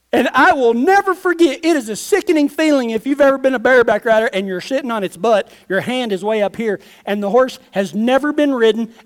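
A man from Texas, a pastor telling a rambling, folksy story in a sermon and then leading a prayer. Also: very high-pitched. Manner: folksy, rambling storyteller who acts out quotes.

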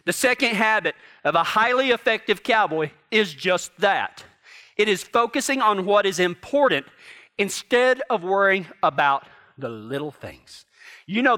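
A folksy middle-aged preacher with a drawl and a high, bright, forceful voice. He spins a story for his congregation and jokes along the way as he preaches. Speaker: pastor. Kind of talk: sermon.

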